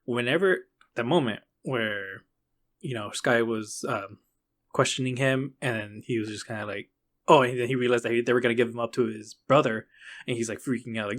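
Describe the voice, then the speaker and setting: A man's voice: mid-range voice, brisk, fairly bright tone. Guy cohost on a podcast, laid back, mid voice, keeps doing little bits of the characters. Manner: loose, chatty, acts out characters' lines. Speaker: podcast co-host. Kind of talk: casual reaction chat.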